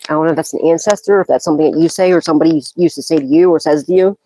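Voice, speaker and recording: A woman's voice: low voice, rapid-fire, warm tone, a little hiss or hum, rough recording. A woman giving a psychic tarot reading in a casual monologue, blunt and profane, scolding and often bursting into laughter.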